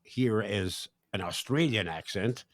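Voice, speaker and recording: A middle-aged man hosting a podcast and asking searching, halting questions. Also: lowish voice, no room sound, clean studio sound. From Canada. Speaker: podcast host. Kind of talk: interview and ad read.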